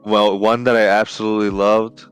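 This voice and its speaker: A man co-hosting a podcast, chatting excitedly and casually with plenty of slang and swearing. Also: fairly low pitch, moderate pace, smooth, soft background music. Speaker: podcast co-host.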